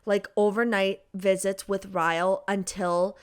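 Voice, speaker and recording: Co-hosting a podcast, a young woman has a chatty, casual talk about a novel, sprinkling in "like" and "literally" often. Her delivery, though, is flat and a little slow, with a clear, resonant mid-range voice.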